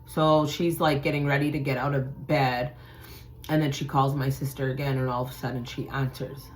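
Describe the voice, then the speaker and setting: With an extremely low pitch at normal speed, the woman recounts a personal story for her spiritual channel. The telling is loose and conversational, and she animatedly voices the people she quotes; there's slight background noise.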